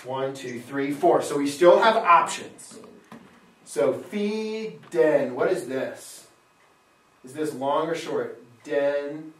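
A man's voice: fairly high pitch, slow pace, fairly bright tone, slight background noise. Male Latin teacher, patient questioner, roomy sound, mic set back. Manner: patient, asks questions and confirms answers. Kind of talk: classroom lesson, scanning verse aloud. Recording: echoey room, mic far off.

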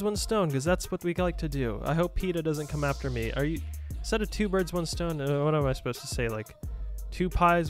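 A young man giving jokey, excitable commentary on his own football video game match, shouting at his players. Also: fairly high pitch. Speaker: gaming YouTuber. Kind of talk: casual gameplay commentary.

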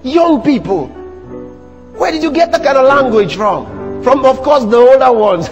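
A man preaching a sermon to a church congregation, animated, teasing the audience with rhetorical questions and mimicry. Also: very high voice, unhurried, long pauses, long reverb tail, music in the background. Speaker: pastor.

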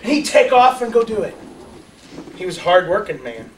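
A man teaching a children's church lesson, telling a story in a lively, playful way and joking with young volunteers. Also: high-pitched, moderate pace, slight background noise. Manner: lively, playful, chatty, asks the audience questions. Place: large room with kids, music playing. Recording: echoey room, voice from far off.

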